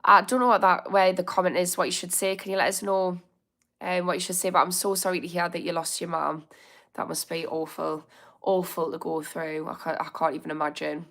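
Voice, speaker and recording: A middle-aged woman hosts a casual livestream about her addiction recovery, speaking candidly and reading out comments while sounding a bit unwell. Her voice is on the low side and fairly bright, with a flat, brisk delivery.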